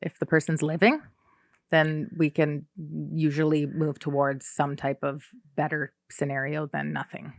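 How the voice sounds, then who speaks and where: A podcast co-host who shares thoughts on recovery in a reflective, halting way, often restarting sentences. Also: medium pitch, flat delivery, dry recording, clean studio sound. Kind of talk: casual recovery podcast chat.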